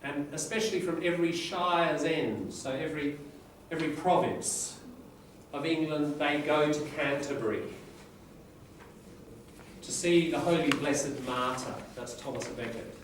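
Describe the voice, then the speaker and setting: A man's voice: on the high side, measured pace, a little hiss or hum. A man teaching an English class, explaining in short phrases and checking in with his students. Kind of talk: classroom lecture with reading aloud. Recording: echoey classroom from far off.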